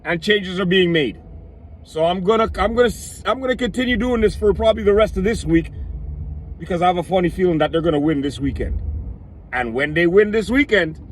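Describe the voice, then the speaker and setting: A man rants emphatically to his viewers in a casual sports vlog, his fairly high voice a little hoarse. Faint car and street noise sits behind him. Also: animated, brisk. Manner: emphatic, addresses viewers as "people". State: losing his voice. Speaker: vlogger.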